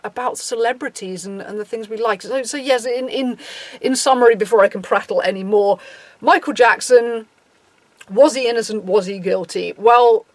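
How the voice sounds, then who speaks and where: With a higher-pitched voice at a moderate pace and no room sound, this English woman in her thirties hosts a podcast. She talks through her opinions casually and chattily, with many restarts and quotes she acts out.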